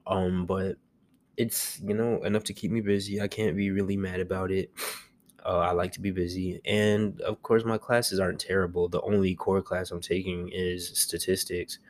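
A young man hosting a casual solo podcast from home, chatty and rambling, talking quietly so as not to be loud. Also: low voice. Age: young adult. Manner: chatty, rambling, self-amused. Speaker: podcast host.

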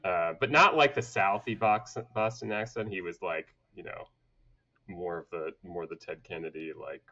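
Man, middle-aged, from Atlanta, podcast guest, candid storytelling, halting with fillers, fairly low pitch, muffled lo-fi audio. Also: sharp tone. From Atlanta, southern United States. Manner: halting, many fillers and restarts, laughs while telling stories. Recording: dull lo-fi audio.

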